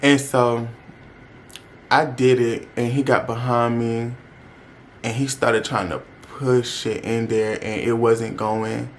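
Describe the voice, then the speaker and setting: Brief: young male vlogger, casual storytime, candid and slangy, mid-pitched voice. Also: flat delivery, slow, a little hiss or hum. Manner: candid, chatty, uses slang and addresses viewers.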